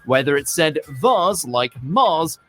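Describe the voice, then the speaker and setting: A man's voice: a little high, big pitch swings, slow, a bit bright, soft background music. A British man reading a scripted list-video narration with dry, lightly joking delivery. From Britain.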